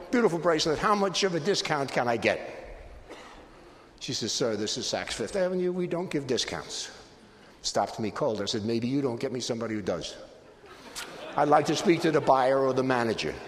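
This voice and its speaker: An older man giving a live presentation on negotiation, telling humorous anecdotes with wry punchlines. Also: medium pitch. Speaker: guest speaker on negotiation. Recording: hall reverb with faint background noise.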